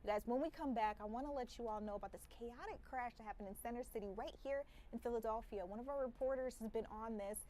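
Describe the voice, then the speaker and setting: A woman news anchor leads a live local broadcast. Her voice sits on the higher side, and her delivery is chatty and upbeat. She passes easily between banter and the next segment. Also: quick pace, few pauses, mellow, a little hiss or hum. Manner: conversational and upbeat.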